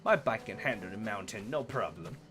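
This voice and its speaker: A man streaming a video game, reacting in an excitable, playful way and chattering to himself as he plays. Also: fairly low pitch, brisk. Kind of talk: live gameplay commentary. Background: game music.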